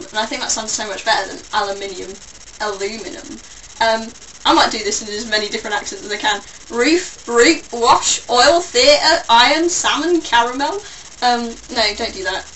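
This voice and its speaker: A woman's voice: a little high, a bit bright. Chatty, self-mocking young British woman. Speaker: vlogger. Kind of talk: casual chat to camera. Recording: distant mic with faint background noise.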